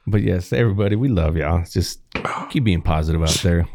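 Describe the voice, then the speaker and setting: A man's voice: low-pitched, fairly quick, vocal fry, dark tone. A man co-hosting a casual podcast chat, teasing his friend playfully and laughing often.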